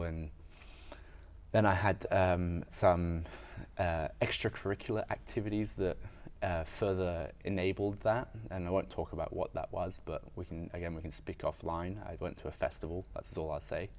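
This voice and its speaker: This is a very deep-voiced man telling his story as a podcast guest. He speaks frankly and reflectively. His talk is casual and full of fillers, with the odd swear word. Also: a little mellow. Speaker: podcast guest, weightlifter and strength coach. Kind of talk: candid conversational storytelling.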